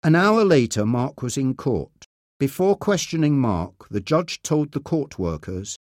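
A man reading a story aloud as narrator, slowly, clearly and deliberately. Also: mid-range voice, big pitch swings, darkish tone, no echo, studio quality. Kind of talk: scripted narration of a graded reader.

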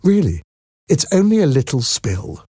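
A man's voice: on the high side, huge pitch swings, moderate pace, breathy edge, no room sound, clean studio sound, pitched above the performer's own voice, heavily acted. A man doing a polite, gracious lady. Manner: polite and gentle.

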